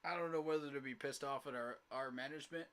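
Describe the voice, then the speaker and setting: A young man live-streams a sports reaction, ranting in frustration about his football team with emphatic, repetitive complaints. His voice is medium-pitched with a steady tone and a fairly bright quality, and he talks quickly.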